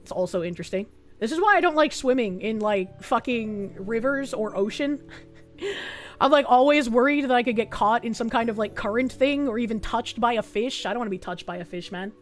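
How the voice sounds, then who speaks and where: A woman's voice: fairly high pitch, brisk, faint music behind. A young adult woman streaming, chatting loosely through casual reaction commentary, swearing freely and reading chat messages aloud.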